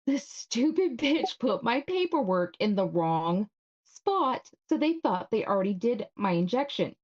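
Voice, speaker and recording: A woman's voice: a little high, very animated, measured pace, darkish tone, highs cut off. A woman co-hosting a live stream in casual chat, talking frankly and swearing freely when she is worked up. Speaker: co-host.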